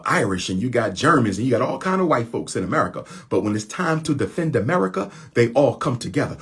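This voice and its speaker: A man's voice: mid-range voice, slightly rough. A man speaking in an impassioned monologue to his followers, using repetition and rhetorical questions in colloquial speech.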